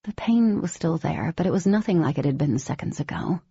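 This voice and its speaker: A woman giving scripted first-person audiobook narration in a steady, even storytelling manner. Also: deep voice, fairly quick, creaky, slightly rough, no echo, lo-fi sound.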